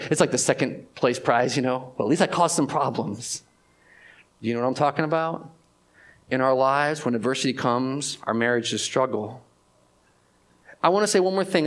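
Man preaching a conversational sermon. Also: on the high side. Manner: conversational preaching, swings between loud emphasis and hushed, drawn-out phrases. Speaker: pastor.

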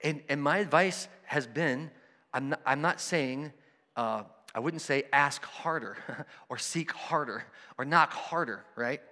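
A man preaching a sermon, conversational and animated, acting out the voices of people in his stories. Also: a little high, a little slow, long reverb tail. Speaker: pastor.

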